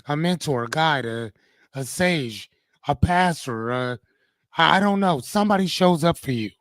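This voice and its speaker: A man's voice: on the high side, expressive, moderate pace, a bit bright, no room sound. A man hosting a live-streamed motivational talk, speaking casually, swearing freely and often checking in with "right?". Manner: casual, profane, keeps asking "right?".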